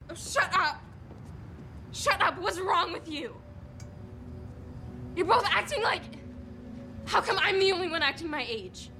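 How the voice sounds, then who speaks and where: An actress playing a furious young woman who yells shrilly at two friends for acting childish. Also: expressive, unhurried, long pauses, slight background noise, exaggerated voice. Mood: angry. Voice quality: shrill, yelling. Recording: clip with faint music behind.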